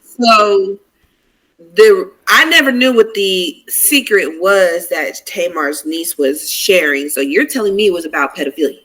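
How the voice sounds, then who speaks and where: A woman co-hosting a casual reality TV podcast, talking in an expressive, playful way and quick to jump in with questions. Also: medium pitch, low-quality recording. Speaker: podcast co-host. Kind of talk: casual reality TV recap chat.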